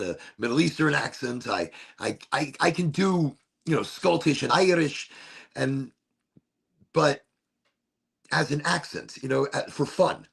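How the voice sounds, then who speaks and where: A man hosting a casual talk show, musing in a rambling, animated way while smoking, often repeating his phrases. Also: on the high side, gravelly, breathy edge. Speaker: podcast host.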